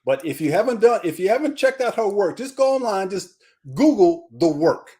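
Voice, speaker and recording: A man's voice: high voice, normal speed. A man, addressed as coach, telling a story in a live group discussion. His voice rises and falls a great deal as he goes. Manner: animated storyteller, voice swings up and down.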